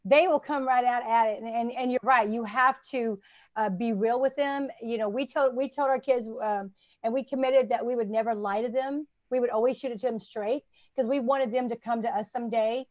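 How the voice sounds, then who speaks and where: Older lady guest, earnest and rambly, lotsa "you know", slightly high voice, dry mic. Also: steady tone, fairly quick, a little mellow, no echo, highs cut off. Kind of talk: casual chat.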